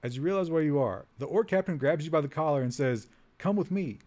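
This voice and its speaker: A man's voice: fairly high pitch, quick pace, a little mellow. A man streaming, reading out a text adventure game aloud, often laughing at it and trailing off while he types. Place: home streaming setup.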